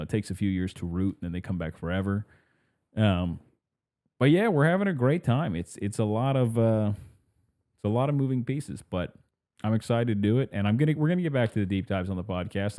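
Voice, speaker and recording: Man, low voice, mellow tone, podcast host, rambling casual chat, laughs and acts out quotes.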